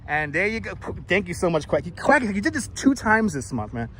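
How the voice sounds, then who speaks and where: Male street live-streamer, high voice, loose and profane, clip-on mic outdoors. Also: big pitch swings, fairly quick, pushed and bright, slight background noise. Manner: loose, chatty, swears, laughs often. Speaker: live-stream host and tour guide. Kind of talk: casual live-stream chat. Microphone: wireless clip-on mic.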